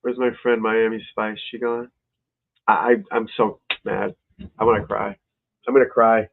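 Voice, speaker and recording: A man's voice: fairly low pitch, little pitch movement, moderate pace, vocal fry. A man hosting a casual livestream as a golf instructor, muttering, cursing and grumbling at himself. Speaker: golf instructor and show host. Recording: tinny phone-like lo-fi stream audio.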